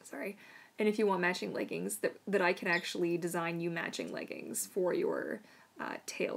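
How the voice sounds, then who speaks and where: A woman's voice: lowish voice, fairly even intonation, moderate pace, gravelly. A woman hosting a casual live Q&A stream as a mermaid tail maker, chatty and bubbly, with lots of fillers and frequent laughter.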